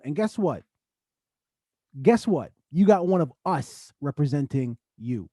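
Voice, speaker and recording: A man co-hosting a casual podcast, talking in an animated way and rising into excited outbursts. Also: a little high, a little slow, slightly rough, no room sound, studio quality. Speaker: podcast co-host.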